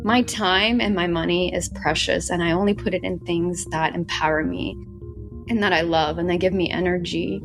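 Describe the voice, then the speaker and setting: A woman's voice: lowish voice, fairly even intonation, normal speed, music in the background. A woman from Ukraine, a guest entrepreneur on a podcast, talking earnestly and emphatically, stringing her clauses together. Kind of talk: podcast interview.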